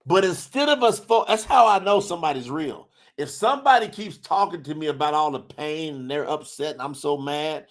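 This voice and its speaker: A man's voice: fairly high pitch, moderate pace, hardly any pauses. A man hosting a religious livestream, reading chat comments aloud and preaching. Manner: animated, preacher-like, shouts at times. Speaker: religious talk host.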